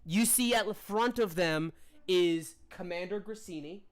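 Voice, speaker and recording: A man's voice: sits high, measured pace. Rambling male game master. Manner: rambling, many fillers and restarts. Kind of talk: narrating a tabletop game.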